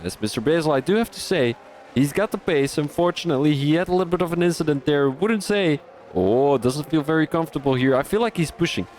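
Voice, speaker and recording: A man giving live-stream commentary on a sim racing league, excitable, jumping up at overtakes, with many restarts. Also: a little high, quick pace, a little hiss or hum.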